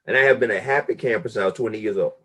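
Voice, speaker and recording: A man's voice: racing, fairly bright tone, slightly rough. A middle-aged man speaking as a guest on a live stream, giving a motivational talk with emphatic, sweeping delivery. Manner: emphatic preacher-like delivery with big pitch swings. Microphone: live stream call audio.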